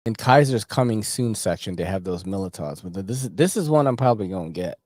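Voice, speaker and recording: A man's voice: lowish voice, fast, no room sound, studio quality. Slangy male livestream host. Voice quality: slangy, laughing, animated. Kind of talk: casual livestream chat.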